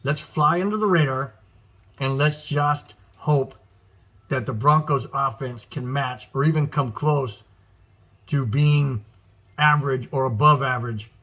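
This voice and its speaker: Husky-voiced man chatting sports news. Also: mid-range voice, measured pace, sharp tone. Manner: chatty, exclaims wow often, repeats words. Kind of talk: casual sports news commentary.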